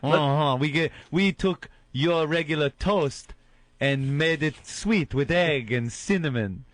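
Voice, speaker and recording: A man's voice: a little high, slow pace, dry recording. A radio host voicing a haughty, mocking Frenchman with an exaggerated mock French accent, sneering at Americans. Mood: smug. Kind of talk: radio comedy bit.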